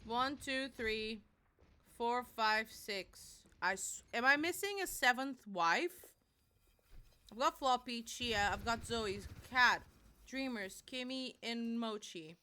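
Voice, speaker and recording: A woman's voice: fairly high pitch, animated, slow, pushed and bright, slight background noise. A young woman streaming, chatting casually and rambling to her viewers. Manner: chatty and rambling, talks to chat. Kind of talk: casual live-stream chat.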